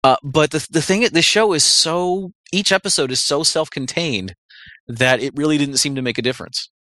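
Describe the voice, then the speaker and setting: A man's voice: fairly high pitch, moderate pace, bright, forceful tone, no echo. A man co-hosting a casual chat show, rambling with many restarts and frequent laughs. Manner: rambling, self-interrupting, laughs often. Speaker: podcast co-host.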